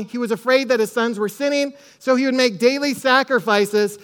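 A male pastor preaching a sermon with emphatic repetition, quoting scripture and telling a family story, sometimes dropping almost to a hush. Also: very high voice, moderate pace, few pauses, clean tone.

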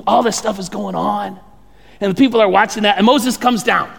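Conversational pastor with a high, gravelly voice. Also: male voice, a little fast, long reverb tail. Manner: conversational, animated storytelling with many restarts. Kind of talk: sermon.

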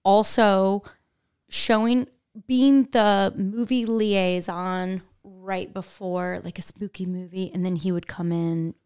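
A woman's voice: medium pitch, steady tone, slow pace, a little mellow, smooth. A woman from Indiana, a podcast guest, telling stories in a chatty, rambling way with lots of filler words and frequent laughter. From Indiana, USA. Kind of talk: casual interview chat.

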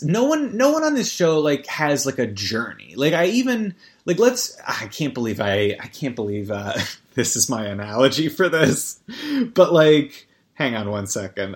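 A man hosting a podcast in a rambling, stammering comic rant full of swearing and restarts. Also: mid-range voice. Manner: rambling, stammering, profane, jumps to mock ad reads. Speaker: podcast host. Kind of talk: rambling comedic podcast chat.

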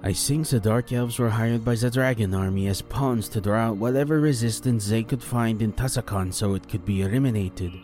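A man voicing a fearless small Kithkin man, a calm and measured strategist laying out his reasoning, over background music. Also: fairly low pitch, voice pushed up, close to an everyday voice. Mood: grave. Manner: measured, explaining. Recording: fantasy audiobook with music bed.

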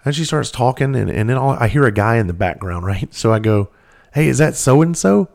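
A middle-aged man with a fairly low voice hosts his podcast solo. He spins a long story in a loose, candid way, swearing freely and doubling back on his words. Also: brisk. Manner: candid, profane, rambling with restarts. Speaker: podcast host. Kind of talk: casual storytelling monologue.

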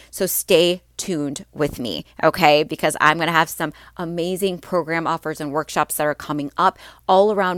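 A woman with a lowish, slightly stuffy voice talks to her listeners in an upbeat, chatty way, full of ums and restarts. The sound is dry and close, with no room around it. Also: no echo. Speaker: podcast host and mindset coach. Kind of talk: casual solo podcast talk.

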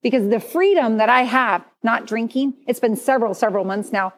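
A woman preaching in a frank, conversational way, her voice slightly high. She sounds middle-aged and speaks like a church speaker telling her own story to a congregation. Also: fairly quick. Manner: candid, confessional, conversational. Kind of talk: sermon testimony.

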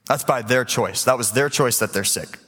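An eighteen-year-old man preaching a sermon in a church sanctuary, casual and animated, slipping into voices as he tells the story. His pitch sits in the middle range, and a long hall reverb trails each phrase. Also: normal speed, husky. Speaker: youth preacher.

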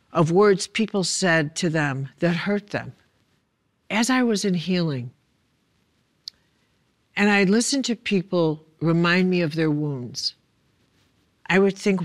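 A woman, a spiritual author and speaker, teaching in a reflective, emphatic way and often putting questions to the listener. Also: on the low side.

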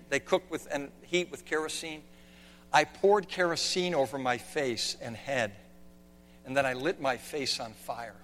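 Brief: male pastor, sermon from a stage, fairly high voice, passionate, long reverb with faint hum behind. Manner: impassioned, swings from hushed to shouting. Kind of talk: sermon with slides.

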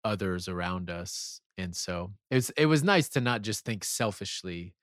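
A man's voice: sits low, expressive, measured pace, fairly bright tone, no echo, studio quality. A man in his thirties co-hosting a podcast, talking in an easygoing, earnest way. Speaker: podcast co-host. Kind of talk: casual chat.

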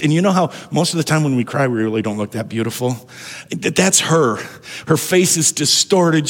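A man's voice: a little high, a bit bright, slightly rough. A man preaching a sermon as pastor, talking conversationally and often restarting and repeating words. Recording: long hall reverb.

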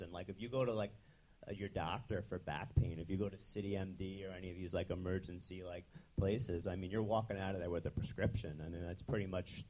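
Young guy with a really low voice, chiropractor chatting casually, lots of ums. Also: a little mellow, a little hiss or hum. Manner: casual, frequent fillers and restarts. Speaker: chiropractor guest. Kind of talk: conversational interview.

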